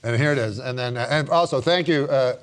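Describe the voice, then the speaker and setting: A man's voice: medium pitch, brisk, slight background noise. A man hosting a talk show, bantering casually with guests over joke cards and often cracking up laughing. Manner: giggly, teasing, breaks into laughter.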